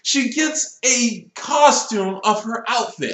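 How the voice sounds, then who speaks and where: Young man, twenties, exasperated cartoon review rant, lively swinging pitch, echoey room. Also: moderate pace. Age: 20s. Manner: exasperated, animated complaining with rising outbursts. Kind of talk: casual ranting episode review.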